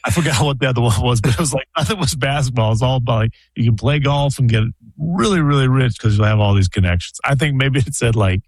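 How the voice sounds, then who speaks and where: Husky man co-host, laughing questions. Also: mid-range voice, dry recording, studio quality. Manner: laughing, quick to ask questions. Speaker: podcast co-host. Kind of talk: casual chat.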